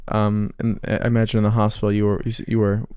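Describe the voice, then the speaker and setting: A man's voice: on the low side, completely flat delivery, fast, mellow, clean tone, no room sound, studio quality. A man co-hosting an interview, asking questions with frequent restarts and a joking touch. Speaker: podcast co-host.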